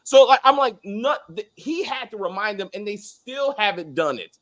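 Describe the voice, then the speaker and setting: A man's voice: sits high, expressive, normal speed, a bit bright. A man co-hosting a casual TV review, ranting heatedly with lots of swearing and restarts. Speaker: co-host of a TV review show. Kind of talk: casual spoiler review chat.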